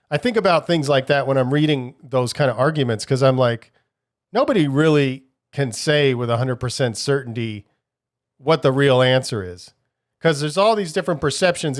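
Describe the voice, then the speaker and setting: A man hosting a podcast alone, talking casually and thoughtfully, with frequent restarts and filler as he muses. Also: on the high side. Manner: rambling, many restarts, musing. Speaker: podcast host. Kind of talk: casual solo podcast talk.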